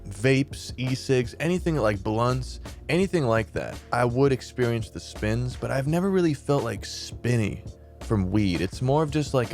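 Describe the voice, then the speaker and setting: A man at an ordinary mid pitch telling a story to his camera in a loose, rambling way. He swears freely and fills every pause with "like." Faint music plays softly behind him. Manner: rambling, filler-heavy, profane. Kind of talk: casual storytelling.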